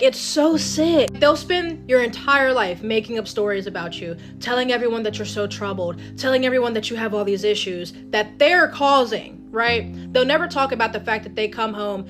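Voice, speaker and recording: A woman's voice: on the high side, animated, moderate pace, few pauses. A woman delivering a heated, blunt rant and swearing freely. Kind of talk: angry ranting monologue. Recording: guitar music behind the voice.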